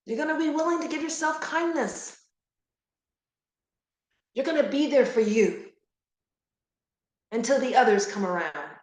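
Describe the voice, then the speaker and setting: A woman's voice: high-pitched, unhurried, pauses often. Earnest woman speaker in an echoey room. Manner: earnest and animated, repeats key phrases with laughs. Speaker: guest speaker on grief support. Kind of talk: motivational talk to grieving parents.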